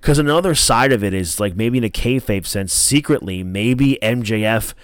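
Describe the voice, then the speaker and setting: A man's voice: on the low side, moderate pace, clear, resonant tone, dry recording, studio quality. A young man casually reviewing wrestling as a podcast host, rambling with many fillers and acting out quotes.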